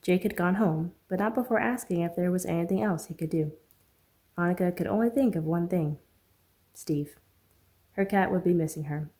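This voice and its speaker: Mellow-voiced woman reading her novel. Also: lowish voice, moderate pace. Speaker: author reading own novel. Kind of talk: audiobook narration.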